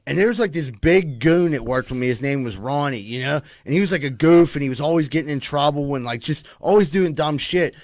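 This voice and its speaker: A man's voice: fairly high pitch, expressive, a little fast, hardly any pauses, no room sound. Profane, rambling man. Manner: rambling, profane, says "you know what I mean" a lot. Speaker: podcast co-host. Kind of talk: casual crude storytelling.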